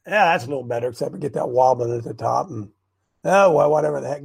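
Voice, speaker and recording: A man hosting a casual livestream, rambling and excitable, stopping and restarting his sentences. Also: a little high, quick pace, gravelly, breathy edge. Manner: rambling, excitable, self-interrupting. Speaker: host of a preparedness group show. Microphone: webcam on a wobbly stand.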